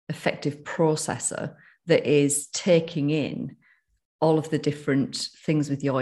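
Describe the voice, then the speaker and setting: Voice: mid-range voice, darkish tone. A speaker with a northern English accent in a casual podcast chat, rambling with frequent restarts and fillers.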